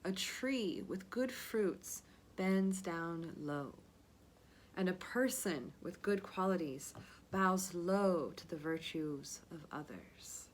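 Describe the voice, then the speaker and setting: A woman voicing the lines of a bold, wise five-year-old boy in an earnest, gently questioning way. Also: on the low side, expressive, takes it slowly.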